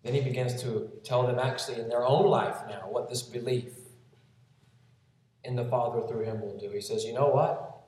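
A man preaching a sermon, gently walking through a scripture passage and quoting it as he goes. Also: mid-range voice, steady tone, normal speed. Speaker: pastor. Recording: very echoey room, voice from a distance.

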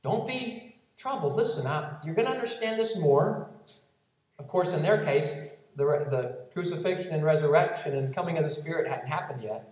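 A man delivers a gentle, expository sermon, explaining scripture verse by verse. His voice rings through a very reverberant space. He stands some way off from the microphone. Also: a little high, animated, moderate pace. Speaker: pastor. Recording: very echoey room, voice from a distance.

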